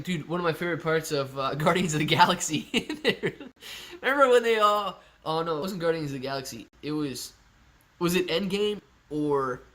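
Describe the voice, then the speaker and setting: A man's voice: on the high side, fairly bright tone. Laid-back young man reading live chat. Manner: chatty, laid-back, says dude and man a lot. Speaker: livestream host reading chat. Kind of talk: casual live stream chat.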